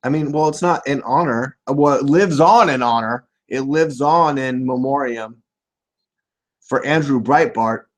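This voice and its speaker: A man hosting a live political podcast, ranting and swearing, bursting into loud shouts now and then. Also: medium pitch, measured pace.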